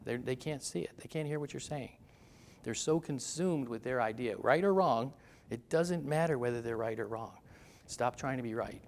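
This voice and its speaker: Gravelly, chatty seminar speaker, a man. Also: medium pitch, normal speed. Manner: chatty storyteller, self-deprecating. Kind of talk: motivational seminar talk.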